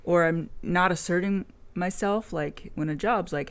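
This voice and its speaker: A woman's voice: fairly low pitch, unhurried, clean tone. A woman video blogger in casual chat, telling a rambling story frankly and swearing freely.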